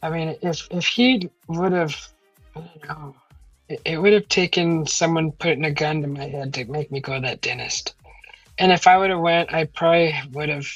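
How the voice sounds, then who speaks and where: A woman's voice: deep voice, normal speed, slightly rough, no room sound, lo-fi sound, soft background music. A middle-aged woman hosting a casual live stream, chatting to viewers with a sickly, weakened throat, rambling and laughing often. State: sick, throat still weak. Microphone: computer microphone for live stream.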